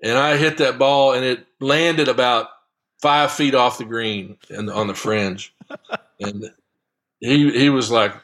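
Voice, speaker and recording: A man, a long drive golfer, telling a casual anecdote as an interview guest, lively and often chuckling. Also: mid-range voice, takes it slowly.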